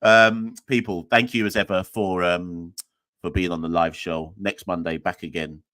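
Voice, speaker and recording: Brief: young male podcast host, very low voice, dry close sound, rambling and self-deprecating. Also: steady tone, moderate pace, fairly bright tone, no room sound. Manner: rambling, jokey, self-mocking. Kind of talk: casual solo sign-off chat.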